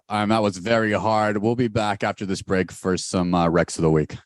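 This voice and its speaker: A man co-hosting a podcast over a video call, telling stories in a rapid, animated way with big jumps in pitch. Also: no echo. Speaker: podcast co-host. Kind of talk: casual podcast chat. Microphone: recorded over a video call.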